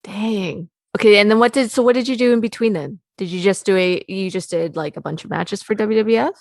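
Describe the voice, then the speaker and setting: A woman's voice: mid-range voice, fairly quick, no echo, studio quality. A woman hosting a casual interview, asking short follow-up questions. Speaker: podcast host.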